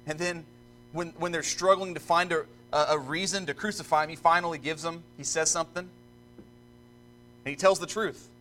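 A male preacher delivers a sermon in church, his voice bright and forceful. He reads scripture slowly and solemnly, then preaches earnestly, restarting phrases as he drives each point home. Soft music plays faintly behind him. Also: fairly high pitch, steady tone, rough recording. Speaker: pastor.

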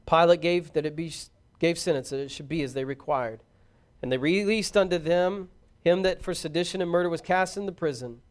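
A man giving a solemn, measured formal scripture reading. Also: on the high side, steady tone. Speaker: scripture reader.

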